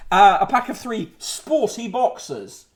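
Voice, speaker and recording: A man hosting a casual live-streamed newspaper review, sardonic and rambling, with lots of ums and uhs. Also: a little high. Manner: sardonic, rambling, with frequent fillers. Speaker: host.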